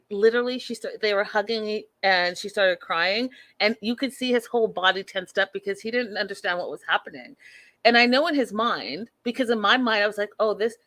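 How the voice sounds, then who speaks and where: A woman in her thirties hosting a casual show recap, blunt and opinionated, talking straight to her listeners. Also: medium pitch. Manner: animated, blunt and opinionated, addresses listeners as y'all. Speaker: podcast host recapping a reality show.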